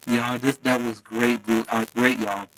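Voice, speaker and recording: A man hosts a casual live stream in a medium-pitched, level voice, speaking a little slowly. The recording is rough with some hiss or hum, since he talks straight to viewers through a phone mic held too close at first. He's chatty and affectionate, laughing often.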